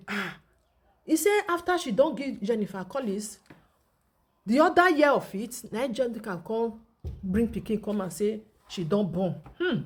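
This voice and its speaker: A woman's voice: on the high side, animated, measured pace, breathy edge. A woman with a Nigerian accent giving chatty, teasing gossip commentary in a vlog, laughing often. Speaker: social media commentator.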